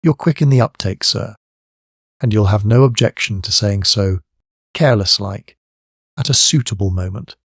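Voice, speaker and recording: A man voicing a shrewd middle-aged police superintendent who speaks in a measured, quietly firm way. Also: lowish voice, no echo, studio quality, natural voice. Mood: steady.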